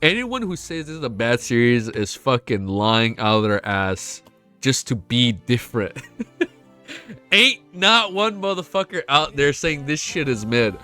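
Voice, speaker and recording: A young man with a stuffy nose reads a story aloud on a live stream and reacts to it between passages. His voice is bright and forward, he swears freely and gets excitable, and he sounds on the edge of tears. Faint music plays underneath. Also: mid-range voice, measured pace. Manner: excitable, swears a lot, laughs often. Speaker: streamer reacting to a web novel.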